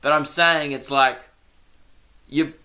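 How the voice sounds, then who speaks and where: A man's voice: on the high side, fairly even intonation, slow pace, pushed and bright. A young man hosting a solo comedy podcast, rambling and self-mocking and laughing at his own jokes.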